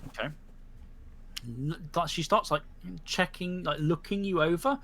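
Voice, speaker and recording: A man narrating a tabletop role-playing game as game master over an online voice call, in lively, halting speech full of restarts. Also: a little high.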